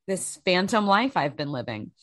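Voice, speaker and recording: A woman's voice: lowish voice, big pitch swings, moderate pace, a bit bright, no room sound, clean studio sound. A young adult woman co-hosting a casual podcast chat, telling rambling, self-mocking stories about herself. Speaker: podcast co-host.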